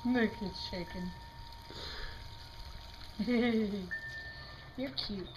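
A woman's voice: mid-range voice, drawn-out words, slight background noise, poor audio. A woman at home chatting off camera with dry, offhand remarks. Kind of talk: casual chat.

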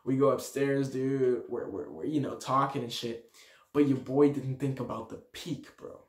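A young man vlogs a casual party story full of slang, animatedly acting out the quotes. His mid-range voice moves at normal speed, and the sound is roomy.

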